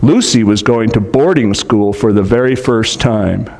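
A man reading a storybook aloud to children, adding gentle explanatory asides. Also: fairly low pitch, unhurried.

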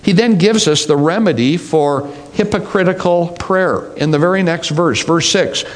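A middle-aged man preaching a sermon, teaching in an unhurried, deliberate way. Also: fairly high pitch. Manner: slow, deliberate preaching with mimicked voices. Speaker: pastor.

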